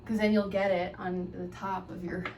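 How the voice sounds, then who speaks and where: A woman's voice: fairly low pitch, little pitch movement, moderate pace, distant mic. Chatty woman podcasting from afar. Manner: chatty, offhand, wry asides. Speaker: podcast host. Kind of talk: casual rambling makeup tutorial. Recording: echoey room, voice away from mic, faint hiss.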